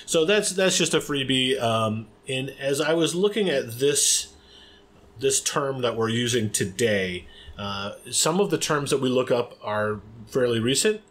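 An American man co-hosting a casual podcast chat, playful and rambling, quick to laugh. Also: mid-range voice, expressive, fairly bright tone. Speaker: podcast co-host.

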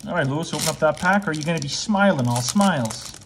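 A man with a slightly high voice hosts a laid-back card-opening session, teasing his buddy and calling out each pull with excitement. A faint hiss sits under the recording. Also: fast talker. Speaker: channel host. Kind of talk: casual card-opening chat.

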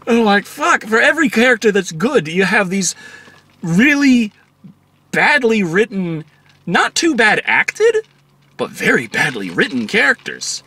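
A man's voice: sits high, wildly swooping pitch, measured pace, pushed and bright, slightly rough. A man giving a casual, profane movie review, exasperated and acting out quotes from the film.

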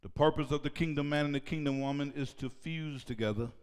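A man's voice: fairly high pitch, brisk, smooth. Preaching man in a reverberant church. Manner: shouting, call-and-response preaching. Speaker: pastor. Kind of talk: sermon. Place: church sanctuary.

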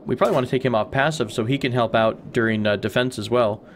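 A man's voice: medium pitch, fast talker, a little hiss or hum. A man hosting a let's play, giving casual gameplay commentary, chatty and rambling as he thinks aloud.

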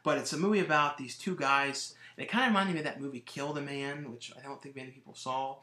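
A man's voice: medium pitch, fairly even intonation, fast talker, sharp tone. A man casually talking through his latest movie collection on his vlog, rambling with lots of fillers and restarts. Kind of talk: casual review monologue. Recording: roomy echo.

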